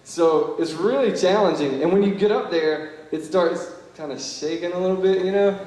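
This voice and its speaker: A man's voice: sits high, normal speed, dark tone. Young man, earnest storyteller, casual speech, long reverb, echoey banquet hall. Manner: earnest, conversational, lots of "you know" and "like". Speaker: Young Life leader giving a banquet talk.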